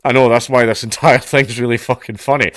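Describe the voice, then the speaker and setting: A man's voice: mid-range voice, steady tone, fairly quick, a bit bright, no room sound, clean studio sound. A Scottish man reading out news stories and adding sarcastic, profane remarks with laughing asides. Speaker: commentator.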